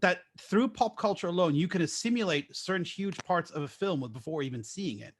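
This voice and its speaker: High-voiced laughing man co-host. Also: brisk, a little hiss or hum. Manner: laughs often, animated storytelling. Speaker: podcast co-host. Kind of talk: casual group chat.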